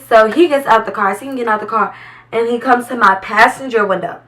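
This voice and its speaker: A young woman vlogger telling a story in a casual, animated way, full of "like". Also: fairly high pitch, fast, recorded from a distance, low-quality recording.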